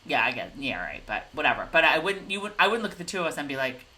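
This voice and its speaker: A woman co-hosting a casual recap chat, bubbly and gushing with quick asides. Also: low-pitched, sing-song, bright, forceful tone, poor audio. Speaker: podcast co-host.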